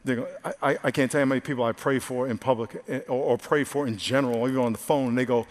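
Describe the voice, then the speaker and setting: A male pastor preaching a sermon, swinging from loud exclamations to hushed, earnest asides. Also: mid-range voice, steady tone, racing, few pauses. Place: large church hall. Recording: live sermon with hall reverb and faint music.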